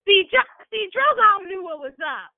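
High-voiced woman on a tinny line. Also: moderate pace, vocal fry, no echo. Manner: animated, laughing, acts out quotes. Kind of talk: casual chat.

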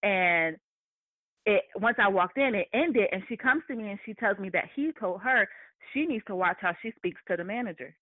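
Animated woman telling a story over thin phone-like audio. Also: medium pitch, moderate pace, dry recording. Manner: animated, laughs often, swears freely. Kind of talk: casual storytelling chat. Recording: thin phone-like dry sound.

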